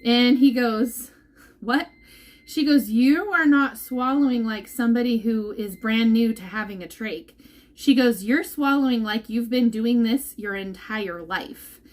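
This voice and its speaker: A woman talks casually to the people who follow her. Her voice sits high and her delivery is slow and unhurried. She laughs often and sometimes sounds close to tears. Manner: emotional, laughing and near tears while recounting. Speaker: vlogger updating viewers.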